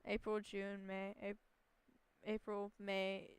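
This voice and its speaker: A woman's voice: medium pitch, completely flat delivery, slow pace, clear, resonant tone, no room sound. A woman streamer giving casual, playful commentary while playing a game, with rambling, self-deprecating asides.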